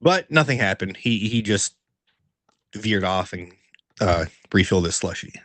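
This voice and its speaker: A man co-hosting a podcast, telling a story in a casual, animated way, swearing a lot and filling it with "like". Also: lowish voice, a little slow, dry recording. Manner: animated, profanity-heavy storytelling with many fillers; laughs while telling the story. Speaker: podcast co-host. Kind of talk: casual chat.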